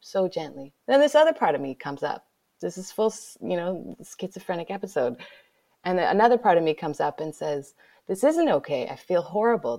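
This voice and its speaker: A woman in her thirties with a lowish, gravelly voice shares a personal story as an interview guest. She swings between hushed whispers and loud, animated exclaiming. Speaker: guest, author.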